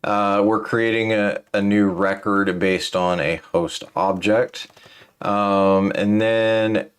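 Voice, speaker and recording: A man's voice: fairly low pitch, fairly even intonation, slow pace, clear, resonant tone. A tired man hosting a casual programming walkthrough, thinking aloud with many fillers and restarts. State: tired, yawning. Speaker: programming tutorial host.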